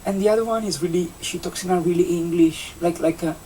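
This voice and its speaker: A young adult with an Italian accent and a warm, medium-pitched voice rambles through a casual vlog chat, halting often with restarts and fillers. He's a vlogger who works seasonal entertainment at a campsite, recorded on a distant mic with faint background noise.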